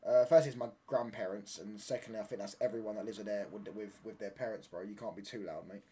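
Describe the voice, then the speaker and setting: A man's voice: fairly low pitch, fairly even intonation, fast, warm tone, husky. A young man hosting a live football watchalong stream from home, reading out viewer chat and answering it with bantering, mock-indignant talk. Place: home room.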